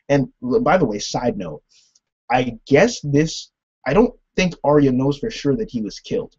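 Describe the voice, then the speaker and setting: A young man recapping a TV episode in a rambling, animated way, laughing often and saying "like" a lot. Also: medium pitch, unhurried, slightly rough, lo-fi sound. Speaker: TV episode reviewer. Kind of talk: casual recap and commentary.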